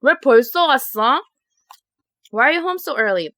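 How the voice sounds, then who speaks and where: A woman's voice: high voice, lively intonation, very fast, pushed and bright, no room sound, clean studio sound. Woman quoting her teasing, doubting parents. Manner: teasing, disbelieving.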